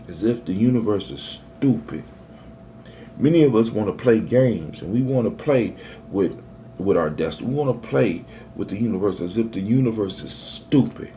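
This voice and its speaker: A man's voice: fairly low pitch, lively intonation, normal speed, mellow, a little hiss or hum. A man teaching in a preachy, motivational way and speaking straight to his listeners as family. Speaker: spiritual teacher.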